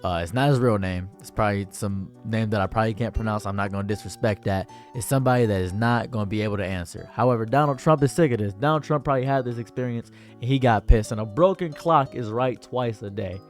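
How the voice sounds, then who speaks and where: A man's voice: on the low side, fast, hardly any pauses, faint music behind. Exasperated young man ranting sarcastically. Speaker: commentary streamer. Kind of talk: ranting commentary.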